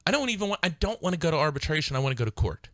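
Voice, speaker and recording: An attorney hosting a call-in legal advice radio show speaks very fast in a fairly high, fairly bright voice. Very animated and fired up, he hammers his points by repeating them, and the recording is dry.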